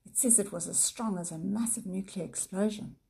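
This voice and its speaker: A woman voicing an excited, knowledgeable boy explaining facts in a hushed, husky voice. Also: medium pitch, fairly quick.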